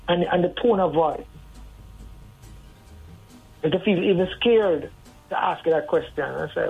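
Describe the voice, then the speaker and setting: Husky voice on a phone line. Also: mid-range voice, moderate pace, pauses often. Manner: earnest, advising, conversational. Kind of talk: radio call-in talk. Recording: tinny phone line over faint music.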